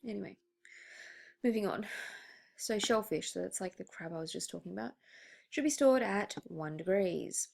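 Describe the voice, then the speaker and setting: A woman's voice: mid-range voice, moderate pace, vocal fry, pauses often, a little mellow. A young woman teaching a hospitality lesson, reading from slides in a chatty way with many ums, restarts and asides.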